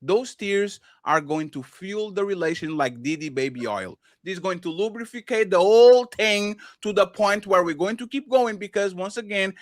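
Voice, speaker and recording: A man's voice: sits high, lively intonation, normal speed, few pauses, no echo, studio quality. A man co-hosting a live stream debate, joking and provocative, often talking over the others.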